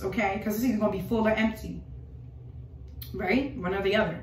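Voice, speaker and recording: A woman's voice: medium pitch, steady tone, a little fast, recorded from a distance, slight background noise. A woman delivering an informal prophetic sermon, emphatic and repetitive, driving her points home with rhetorical questions. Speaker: preacher. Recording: roomy voice from off the mic.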